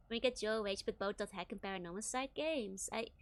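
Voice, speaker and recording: A woman streamer giving casual, chatty let's-play commentary and reading chat aloud. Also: medium pitch. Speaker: VTuber streamer.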